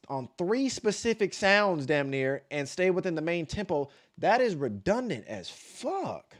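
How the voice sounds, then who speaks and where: A man giving blunt, profane live-stream commentary, repeating points for emphasis and vocalizing beat patterns aloud. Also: fairly high pitch. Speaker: streamer reacting to dance battles.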